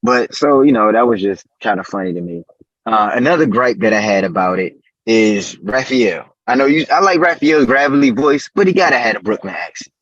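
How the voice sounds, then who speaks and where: A man co-hosting a casual podcast chat, laid-back and slangy, getting animated as he talks. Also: medium pitch, a little fast, no room sound, lo-fi sound. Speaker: podcast co-host.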